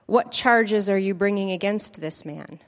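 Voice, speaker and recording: A woman's voice: mid-range voice, a little slow, big-room sound, lightly acted. A woman reading the part of an uneasy male Roman governor, pressing him with raised questions. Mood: questioning.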